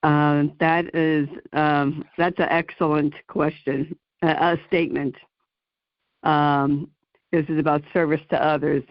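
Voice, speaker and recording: Halting New Jersey woman radio host. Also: low voice, little pitch movement, dry recording, muffled recording. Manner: halting, full of ums and you knows. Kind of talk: talk radio interview.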